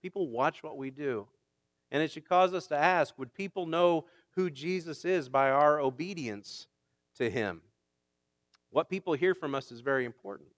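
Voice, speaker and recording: A man, a pastor, preaching a sermon in a conversational way that builds to emphatic shouts. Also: fairly high pitch, moderate pace, no echo, clean studio sound.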